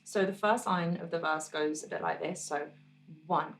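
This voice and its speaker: A woman musician teaching her own song on guitar, explaining parts in a relaxed, encouraging way and counting beats aloud. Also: fairly low pitch, moderate pace, far from the mic.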